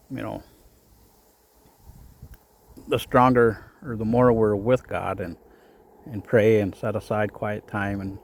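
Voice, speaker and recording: A man's voice: fairly low pitch, creaky. A man giving a casual devotional talk outdoors in the cold. His voice is a bit shaky from the cold, and he rambles with lots of fillers. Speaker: faith vlogger.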